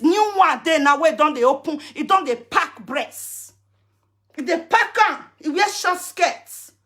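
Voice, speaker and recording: A Nigerian woman with a Pidgin-mixed accent, ranting loudly and confrontationally in a social media video, breaking into chants. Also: high voice.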